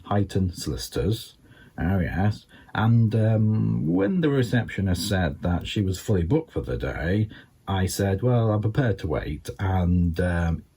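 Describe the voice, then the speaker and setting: An older man with a Scouse accent doing a rambling stand-up comedy routine, full of ums and asides. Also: slightly rough. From England. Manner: rambling, filled with ums and you-knows, lively pitch swings.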